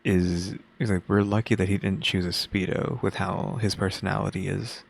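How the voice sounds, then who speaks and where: A man with a very low voice full of gravelly fry breaks in with puzzled, incredulous questions. His talk is loose and offhand, like he is reacting on the spot. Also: flat delivery, moderate pace. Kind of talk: casual reaction chat.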